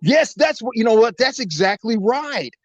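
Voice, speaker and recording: A man telling a story as a guest, in a casual, animated way, acting out the dialogue. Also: very high-pitched, moderate pace, no echo. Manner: animated, acts out the dialogue, swears. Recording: slightly dull lo-fi sound.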